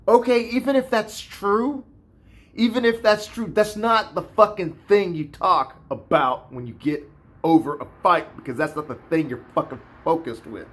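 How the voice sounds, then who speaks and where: Animated, cursing man ranting. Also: high-pitched, moderate pace. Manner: animated, profane, repetitive. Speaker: vlogger. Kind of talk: casual rant.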